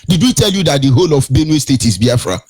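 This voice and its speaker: Husky Nigerian man, indignant radio host. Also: on the high side, big pitch swings, fast talker, a little mellow. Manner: indignant, repeats phrases and rhetorical questions, sing-song lilt. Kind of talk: impassioned radio commentary.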